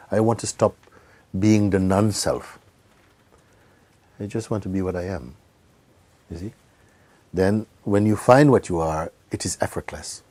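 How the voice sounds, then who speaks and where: A man giving a spiritual talk to a gathering, speaking gently, often laughing and sometimes dropping into a whisper. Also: low voice, no room sound. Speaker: spiritual teacher.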